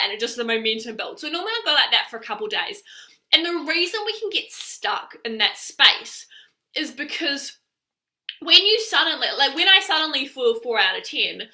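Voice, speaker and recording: A woman's voice: sits high, sharp tone. A woman life coach talking casually to her viewers, chatty and full of filler "likes". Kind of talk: casual talk to camera.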